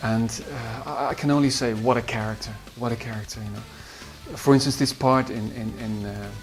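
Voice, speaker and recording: A man with a Dutch accent, a musician recalling studio sessions in a halting way with many fillers. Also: mid-range voice, fairly even intonation, soft background music. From Netherlands. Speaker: musician and producer. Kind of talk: behind-the-scenes recollection.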